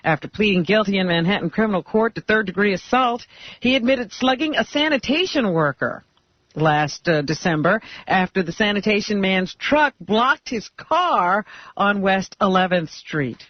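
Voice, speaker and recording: A woman's voice: medium pitch, lively intonation, moderate pace, dry recording, muffled recording. A woman co-hosting a radio show, chatting casually and reading the news.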